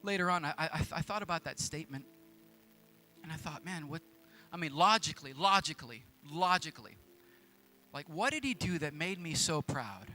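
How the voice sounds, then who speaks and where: A man in his thirties preaching a sermon in a church, telling a story in an animated, casual way. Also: on the high side, brisk, faint music behind. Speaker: pastor.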